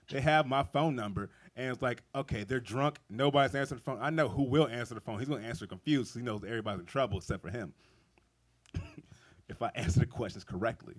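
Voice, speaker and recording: A man's voice: medium pitch, fast talker. A young man doing a stand-up comedy set, telling rambling, profane stories and laughing often. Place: outdoor backyard show.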